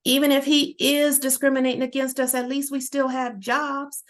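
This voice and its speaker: A woman's voice: high-pitched, flat delivery, moderate pace, pitched above the performer's own voice, natural voice. Woman doing a blunt streetwise coworker. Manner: blunt slangy talk.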